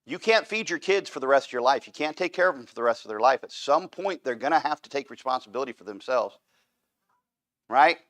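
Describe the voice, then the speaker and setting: A man's voice: mid-range voice, animated, a little fast, a bit bright. A man teaching an adult Bible class in a church, emphatic and repetitive, often checking in with "right?". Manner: emphatic, repeats points with "right?". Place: church room.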